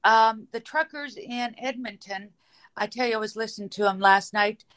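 A woman's voice: fairly high pitch, normal speed, a bit bright. A woman calling in to a talk show, earnest and a little rambling. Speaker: caller.

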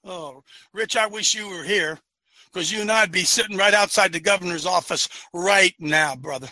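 A man with an extremely high, piercing, tense voice preaches to his audience with fire and often breaks into shouts. The sound is dry and close. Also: normal speed, dry recording. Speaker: host and preacher of an online show. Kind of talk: impassioned preaching to a live audience.

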